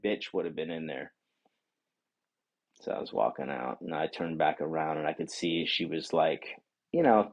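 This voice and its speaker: Guy venting about his awful day, swearing a ton, lowish voice, does voices for everyone. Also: poor audio. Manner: animated, swears a lot, acts out voices of others. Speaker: vlogger. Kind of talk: profane ranting storytime.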